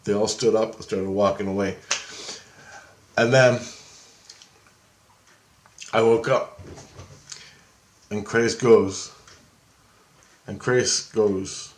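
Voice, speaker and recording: A man telling a story in casual, rambling style, growing excited and swearing freely. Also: fairly low pitch, drawn-out words, long pauses. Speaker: vlogger.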